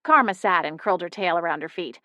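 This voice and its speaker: A young woman narrating a first-person audiobook in a steady, intimate storytelling manner. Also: on the low side, quick pace, no echo, highs cut off. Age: young adult.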